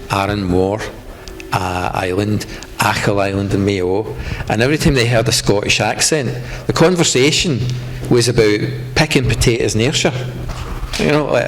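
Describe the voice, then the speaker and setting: Low-voiced guy at an art panel, rambly with lots of ums, bit of background hiss. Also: rough recording. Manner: loose, conversational, many fillers and restarts. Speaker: panel artist. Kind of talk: panel discussion. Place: gallery room.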